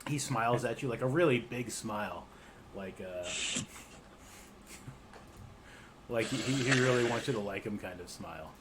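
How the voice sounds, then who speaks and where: A man running a tabletop role-playing game as game master, narrating with animated, laughing delivery. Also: on the low side, normal speed, long pauses, heavy background noise.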